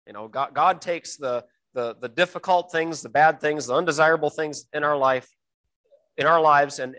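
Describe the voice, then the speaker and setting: A man teaching a Bible verse word by word, often pausing with fillers and repeating words, slowing down to stress key phrases. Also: on the high side, fairly bright tone, low-quality recording.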